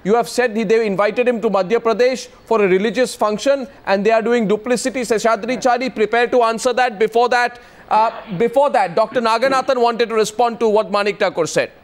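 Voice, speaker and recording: A man's voice: very high-pitched, fairly even intonation, fairly quick. A man moderating a televised political debate, commanding and repeatedly pressing the guests for answers. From India.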